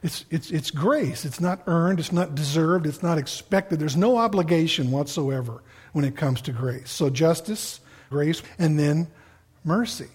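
A middle-aged man preaching a sermon as pastor, animated and acting out the voices of the people he quotes. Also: on the high side, measured pace, husky.

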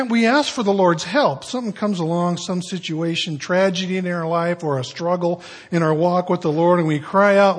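A middle-aged male pastor with a husky, slightly breathy voice that sits a little high for a man. He preaches in a relaxed, conversational way, mixing stories with quiet, muttered asides. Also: normal speed, hardly any pauses. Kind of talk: sermon.

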